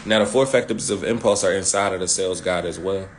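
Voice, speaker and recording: A man with a fairly low voice coaches listeners on selling, animated and full of slang. He keeps repeating his key phrases. A faint hiss sits behind him. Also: quick pace. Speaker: sales coach.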